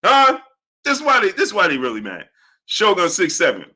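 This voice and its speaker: Guy on a live stream shouting out chat names, bright forceful voice, kinda high. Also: brisk. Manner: animated, repeats catchphrases, greets viewers by name. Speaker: live-stream host reading viewer chat.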